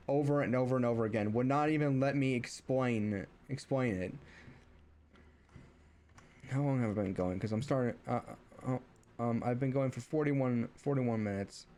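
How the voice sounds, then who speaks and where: A man's voice: mid-range voice, moderate pace, a little mellow, a little hiss or hum. A young man venting in a casual story, rambling with many false starts and fillers. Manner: exasperated, venting. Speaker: streamer.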